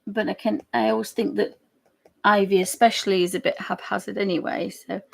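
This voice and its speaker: Chatty woman with a gravelly voice. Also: medium pitch, fairly even intonation, a little fast. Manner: chatty and giggly, rambling. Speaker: digital artist streamer. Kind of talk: casual chat while drawing live.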